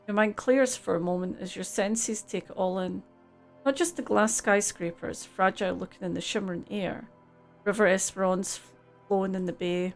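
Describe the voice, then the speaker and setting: A woman's voice: mid-range voice, creaky. A woman streaming a game live, chatting casually, laughing easily and reading the game's text aloud.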